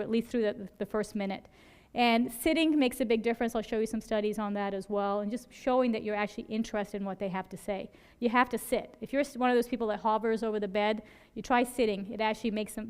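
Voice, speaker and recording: A woman's voice: a little high, smooth. A woman emergency physician giving a conversational lecture to fellow doctors, telling stories with quoted dialogue and often checking in with "right?". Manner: conversational, peppers points with "right?"; animated storytelling with quoted dialogue. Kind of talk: conference lecture.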